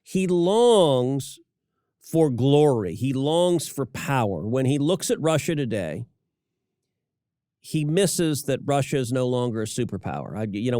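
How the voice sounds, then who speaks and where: A man's voice: medium pitch, dark tone, clear, resonant tone, dry recording, studio quality. A middle-aged man delivering political commentary as a podcast co-host, emphatic and given to repeating words as he starts sentences.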